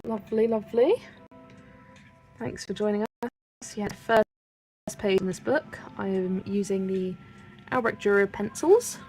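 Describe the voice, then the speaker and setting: A woman from Wiltshire with a West Country English accent, hosting a colouring livestream at home and chatting in a rambling way with soft asides as she works. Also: medium pitch, unhurried, pauses often, soft background music. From Wiltshire, England. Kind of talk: casual livestream chat while colouring.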